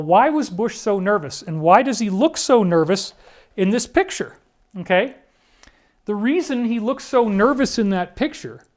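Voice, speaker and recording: A man giving emotional commentary over photos, earnest and conspiratorial, at times pleading and choked up. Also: high-pitched. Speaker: speaker presenting disclosure claims.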